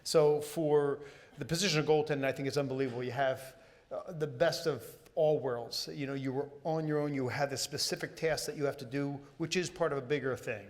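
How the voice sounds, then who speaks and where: A man's voice: medium pitch, steady tone, a little fast. A man in his forties, a guest at a live Q&A, answering conversationally and searching for words with fillers and restarts. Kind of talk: casual on-stage Q&A answers. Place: stage at a live event.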